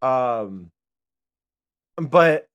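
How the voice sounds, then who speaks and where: A man's voice: mid-range voice, lively intonation, very slow, fairly bright tone, clean tone. A man streaming live from home, chatting casually in a rambling way with many restarts.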